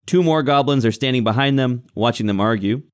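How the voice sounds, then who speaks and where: A man's voice: mid-range voice, a little fast, clean tone. A man narrating a tabletop game as game master, describing scenes with frequent fillers.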